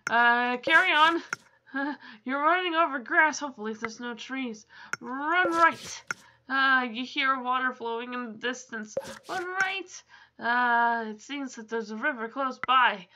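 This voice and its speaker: A woman's voice: fairly high pitch, fairly even intonation, normal speed, noisy background. A woman playing a game on video, reading its text aloud and breaking off with swearing and exasperated asides. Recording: game music under the voice.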